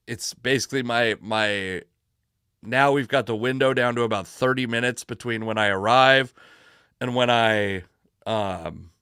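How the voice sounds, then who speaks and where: A man spins a rambling, animated story on a sports talk show, backtracking and cursing as he goes. He sounds worn out from lack of sleep, and his voice sits at an ordinary middle pitch. The recording is close and dry, with no room sound. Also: smooth, dry recording. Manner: rambling, animated anecdote with restarts and swearing. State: exhausted from no sleep. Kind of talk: casual storytelling on a sports podcast.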